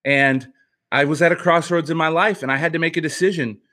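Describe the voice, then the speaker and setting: Here a male ex-pitcher and writer tells a personal tale on a podcast, thoughtful and sincere, often beginning his sentences again. His delivery is brisk and forceful, with a steady, bright tone.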